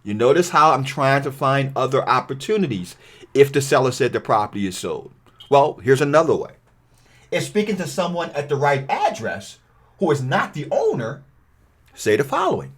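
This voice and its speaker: A man's voice: mid-range voice, very animated, normal speed, slightly rough. A man giving a real estate training video, talking in a conversational way and reading cold-call phone scripts aloud to show tone.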